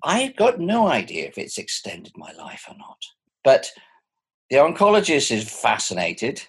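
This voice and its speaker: Husky older guy in his 60s, chatting on a video call from home, voice rises and falls a lot. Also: medium pitch, unhurried. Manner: thoughtful, animated, chuckling often. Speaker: interviewee. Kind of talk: reflective personal conversation.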